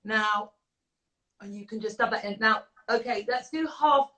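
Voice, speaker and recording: Woman, makeup founder, gushing chatty demo tone, bright and high-ish. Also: measured pace, rough recording. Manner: effusive, gushing, chatty with many fillers. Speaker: makeup artist and beauty brand founder. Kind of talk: casual chat with makeup demonstration.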